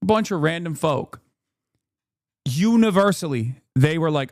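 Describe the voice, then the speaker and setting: Higher-voiced man ranting on stream. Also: animated, normal speed, no room sound, clean studio sound. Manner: emphatic and profane, lots of fillers and restarts. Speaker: streamer and political commentator. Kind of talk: casual commentary rant.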